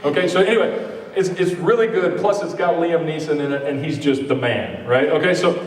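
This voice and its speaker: High-voiced pastor in an echoey hall. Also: male voice, brisk. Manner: conversational, joking asides to the congregation. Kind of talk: sermon. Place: church sanctuary. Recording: echoey hall, mic at a distance.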